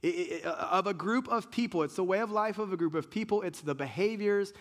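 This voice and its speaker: Pastor, male, slightly high voice, chatty sermon delivery full of restarts. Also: fairly quick. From United States. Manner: conversational preaching with many restarts and acted-out quotes.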